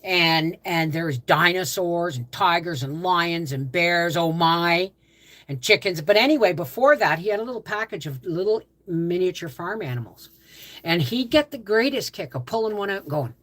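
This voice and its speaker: An older woman with a notably low voice hosts a casual livestream. She rambles from story to story, often stops mid-sentence to restart, and picks up comments from viewers as they come in. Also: animated, moderate pace, a bit bright. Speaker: livestream host.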